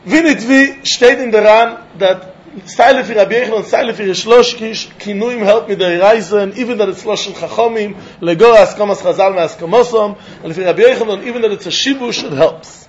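A man giving a Talmud lecture, animated, firing rhetorical questions and chuckling often. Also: high-pitched, fairly quick, a little hiss or hum. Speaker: Talmud teacher. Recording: dull lo-fi recording.

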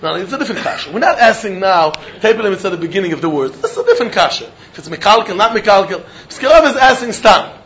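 High-voiced man giving a Talmud class. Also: big pitch swings, fast, few pauses, fairly bright tone, highs cut off, a little hiss or hum. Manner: Yiddish-laced English, chanting question-and-answer. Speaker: Talmud teacher. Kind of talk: Talmud lecture.

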